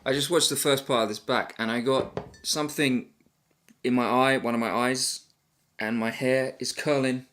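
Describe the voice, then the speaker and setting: A man's voice: medium pitch, steady tone, normal speed, a bit bright, slight background noise. Rambling self-deprecating man telling a travel story. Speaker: travel vlogger. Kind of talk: casual storytelling to camera.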